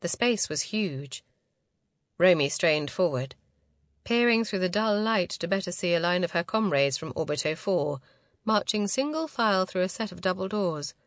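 Woman audiobook narrator, lowish voice, dry close sound, steady read. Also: moderate pace, no room sound. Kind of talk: scripted narration.

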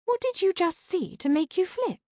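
A woman's voice: normal speed, no room sound, studio quality. A woman reading an audiobook, voicing a wry, teasing female ghost sidekick with sarcastic quips in a raised voice. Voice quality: higher, lively voice.

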